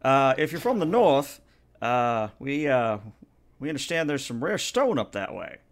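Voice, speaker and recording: A plainspoken working-class stone carver, a bit higher and louder than the game master's normal talk, stumbling through short, hesitant sentences. A man acts him out in a tabletop game. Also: sing-song, moderate pace. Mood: gruff. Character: gruff working-class male marble worker.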